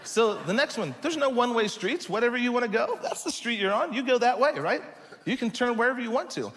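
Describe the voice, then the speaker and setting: A man telling a humorous mission trip story in a sermon, animated and joking with his audience. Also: extremely high pitch, fast talker. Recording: long hall reverb.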